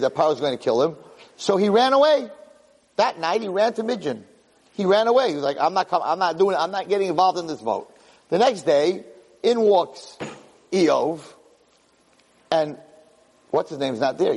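A middle-aged man giving an impassioned Torah talk, telling stories and acting out quotes in a husky voice. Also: fairly high pitch, darkish tone, long reverb tail, poor audio. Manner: storytelling, acts out quotes, impassioned. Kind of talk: animated Torah class.

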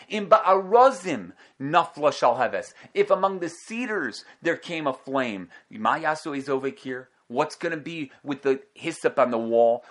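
Animated man giving a Torah class. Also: mid-range voice. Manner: animated, with rhetorical questions. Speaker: Torah teacher.

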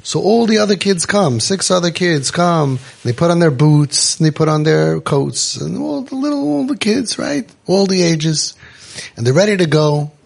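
A man with a gravelly voice tells stories to parents on his podcast. He sounds a bit husky and talks with animation, acting out the voices he quotes. He mixes Yiddish and Hebrew words into his talk. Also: fairly high pitch, sing-song, normal speed. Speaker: parenting coach and podcast host.

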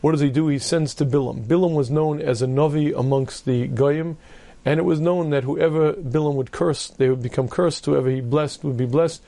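Gravelly-voiced rabbi telling a sermon story. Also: male voice, on the high side, normal speed, dark tone. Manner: vivid storyteller, frequent throat clearing.

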